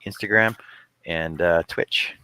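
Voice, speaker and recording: A man from Canada who is a guest on a woodworking live stream, chatting in a slow, laid-back way. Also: low voice, bright, forceful tone, smooth, no room sound, rough recording. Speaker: guest panelist. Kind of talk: casual chat.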